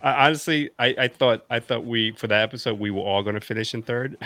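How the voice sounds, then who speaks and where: A man co-hosting a podcast, telling stories in animated casual chat and filling his speech with "like". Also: medium pitch, quick pace. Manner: animated storyteller, lots of "like". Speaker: podcast co-host.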